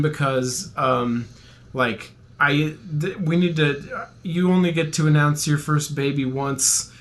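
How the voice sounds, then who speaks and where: A man's voice: a little high, slow. A young man co-hosting a podcast, telling a long story in casual chat, rambling and jokey, laughing often. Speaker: podcast co-host.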